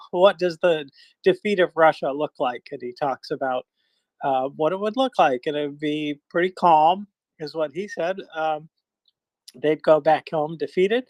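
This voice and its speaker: A man's voice: fairly high pitch, darkish tone, dry recording, poor audio. A man chatting in an easygoing way as a participant in a live audio discussion. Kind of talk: casual chat.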